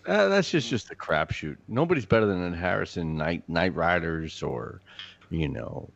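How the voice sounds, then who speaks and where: A man's voice: sits low, big pitch swings, moderate pace, vocal fry, dry recording, muffled recording. A man, a filmmaker guest on a podcast, talking with enthusiastic, profane, gushing energy. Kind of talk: casual film chat.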